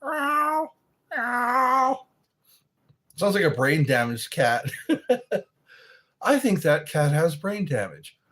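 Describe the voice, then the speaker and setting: A man hosts a casual livestream, reading out viewer comments and riffing on them. He talks very slowly, stretching his words, and his pitch swings widely. His tone stays playful and chatty. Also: lively intonation. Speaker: livestream host.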